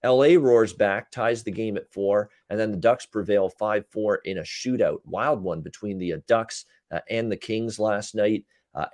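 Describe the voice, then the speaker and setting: A man hosting a casual sports betting chat, recapping games in quick runs with frequent "uh" fillers. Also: fairly low pitch, a little mellow, dry recording, clean studio sound. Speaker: betting show host and handicapper.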